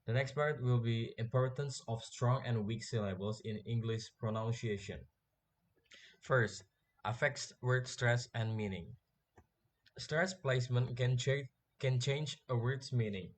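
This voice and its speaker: Slow, careful young man presenting. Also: medium pitch. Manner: careful, slow reading with slips and restarts. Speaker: student presenter. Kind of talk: reading a class presentation.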